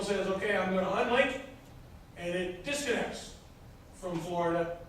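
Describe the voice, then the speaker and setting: A man teaching a class, explaining technical steps one by one with frequent hesitations, recorded from across the room. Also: sits high. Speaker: instructor. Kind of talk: classroom lecture. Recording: echoey room from far off, faint noise.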